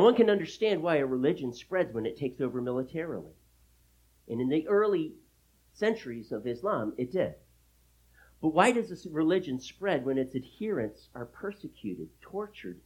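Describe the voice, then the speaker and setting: A pastor delivers a sermon in a husky, animated male voice, preaching emphatically with big swings in pitch and loudness. He repeats key phrases for emphasis, and the recording has its highs cut off.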